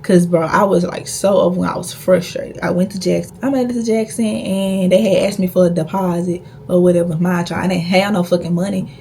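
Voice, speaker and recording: A young woman tells her story straight to camera, blunt and full of swearing, pressing hard on her points. Her voice sits low and carries a gravelly fry. A faint hiss of noise runs under the recording. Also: steady tone, a little fast, hardly any pauses, dark tone. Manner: blunt, profane, emphatic storytelling. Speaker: vlogger. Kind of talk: casual storytime.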